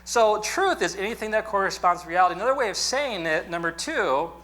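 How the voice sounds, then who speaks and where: Bright-voiced man teaching a class. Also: high-pitched, expressive, a little fast. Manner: conversational, joking, asks the class questions. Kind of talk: classroom lecture.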